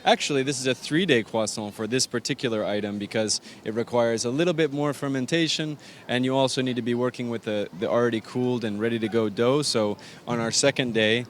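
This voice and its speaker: A man's voice: medium pitch, fairly even intonation, brisk. A man from Arizona, a pastry chef and bakery owner, explaining his pastries in detail, with fillers, during an on-location interview. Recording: faint outdoor traffic noise.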